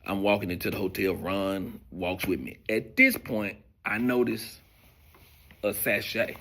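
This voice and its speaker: A man telling a profane stand-up comedy story, swinging between loud bursts and hushed asides. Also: lowish voice, a little slow. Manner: profane, animated storytelling with sudden volume drops.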